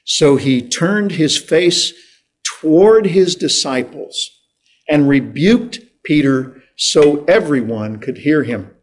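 A man preaching a sermon in a slow, deliberate way, pausing for emphasis. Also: fairly high pitch, animated. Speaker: pastor.

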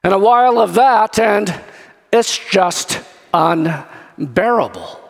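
A man preaching a sermon as pastor, telling a story in a lively way and acting out scenes. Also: sits high, takes it slowly, creaky. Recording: long hall reverb.

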